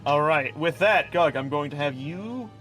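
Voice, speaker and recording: A man narrating as game master of a tabletop game, loose and quick, often laughing. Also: a little high, lively intonation, a bit bright, faint music behind.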